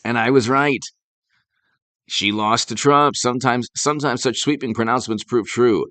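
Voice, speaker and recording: A man's voice: mid-range voice, moderate pace, a bit bright, dry recording. A man doing a casual political live stream, rambling and sarcastic, stopping to thank viewers who send donations. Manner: rambling, sarcastic, thanks super chat donors mid-talk.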